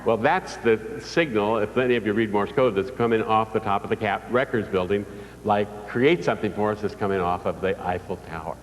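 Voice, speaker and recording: An older motivational speaker addresses an audience live in a large hall, telling folksy stories and posing questions to the crowd. His voice is on the low side and a little fast, with slight background noise in a distant, reverberant recording.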